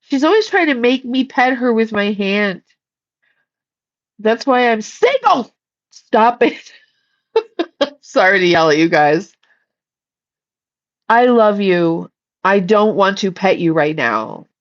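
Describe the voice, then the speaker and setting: A woman's voice: mid-range voice, very animated, slow, pauses often, dull audio. A woman casually chatting on a livestream, blunt and swearing freely while reading the chat and shooing her cat.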